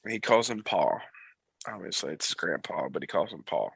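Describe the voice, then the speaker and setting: Bright-voiced man with a cold, swearing. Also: low-pitched, moderate pace, gravelly, breathy edge, no room sound, low-quality recording. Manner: profane, animated storyteller. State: sick with a cold. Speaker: podcast co-host. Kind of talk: casual chat.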